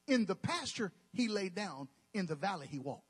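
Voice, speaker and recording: A man's voice: high voice, sing-song, moderate pace, husky, big-room sound. A male pastor, preaching emphatically with folksy, joking asides. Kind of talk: sermon.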